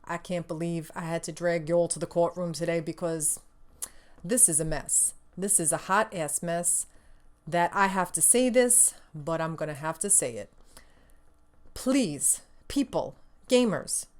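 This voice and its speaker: A young woman hosts a gaming news roundup with a slightly low voice. She rants with sass and plenty of swearing. She laughs often as she vents. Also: unhurried. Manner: profane, sassy, laughs often, exasperated. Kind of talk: casual gaming news rant.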